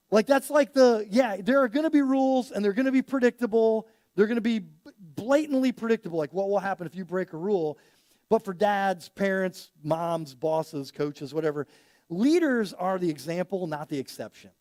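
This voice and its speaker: A man with a notably high voice preaches in a relaxed, conversational way, weaving a personal story into his sermon. He gets louder and more animated when acting out the people in his anecdotes. The sound is close and dry, with little room echo. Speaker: pastor.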